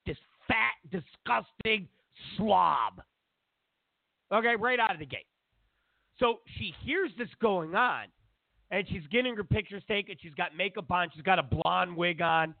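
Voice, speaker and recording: A man's voice: high-pitched, gravelly, dry recording. A man hosting a talk show, delivering a sarcastic, digressive, opinionated rant. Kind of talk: opinionated monologue. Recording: dry, phone-like narrow sound.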